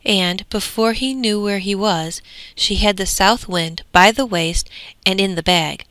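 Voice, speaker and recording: A woman narrating a fairy tale in a clear, measured way. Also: medium pitch, fairly bright tone.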